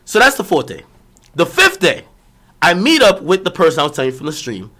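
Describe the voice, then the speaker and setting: A man's voice: on the high side, sing-song, brisk, bright, forceful tone. A young man streaming, telling a long personal story in a rambling, profane, slang-heavy casual way.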